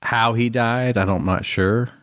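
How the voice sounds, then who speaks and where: A man's voice: medium pitch, fairly even intonation, normal speed, a bit bright, dry recording, clean studio sound. A man co-hosting a true crime podcast in laid-back, agreeable casual chat, joking with his partner. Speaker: podcast co-host.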